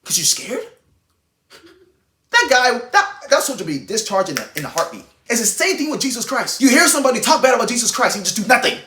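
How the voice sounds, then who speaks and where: A man's voice: very high-pitched, sing-song, fast, hardly any pauses, bright, forceful tone, roomy sound, slight background noise. A man preaching an informal, fiery sermon to camera, blunt and intense, swearing freely as he urges his listeners. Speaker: online Christian preacher.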